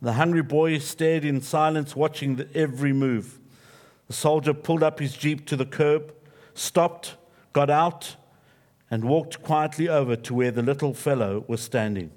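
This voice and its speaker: A man's voice: a little high, a little slow. Male pastor preaching a sermon. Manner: steady storytelling, softening into reverent prayer. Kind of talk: sermon with storytelling and closing prayer. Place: church.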